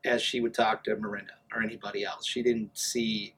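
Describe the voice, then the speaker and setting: A man's voice: on the low side, level tone, brisk, a bit bright, slightly rough, rough recording. A man telling stories casually as an interview guest, acting out the voices of the people he quotes. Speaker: guest, amateur triathlete.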